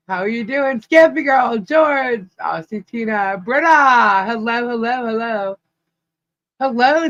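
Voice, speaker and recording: A woman co-hosting a live stream, slowly greeting viewers one by one by name and laughing often. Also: on the high side, fairly bright tone, muffled recording. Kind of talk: casual live-stream chat.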